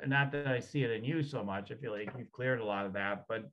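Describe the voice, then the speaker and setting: A man's voice: medium pitch, a little fast, highs cut off. A man hosting a talk as an energy healer, rambling and hesitant with many fillers. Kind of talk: casual conversation.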